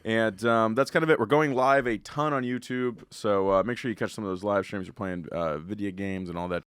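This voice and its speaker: A man's voice: lowish voice, fairly bright tone, clean tone, no echo. A man hosting a comedy podcast in a studio, teasing his guests and running through plugs in casual chat. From United States. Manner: teasing, joking, plugs tour dates quickly. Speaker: podcast host. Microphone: podcast studio mic.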